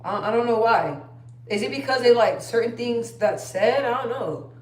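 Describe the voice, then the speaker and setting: A woman's voice: fairly high pitch, animated, moderate pace, darkish tone. A young woman chatting casually on a phone live stream, rambling and trailing off. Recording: roomy echo.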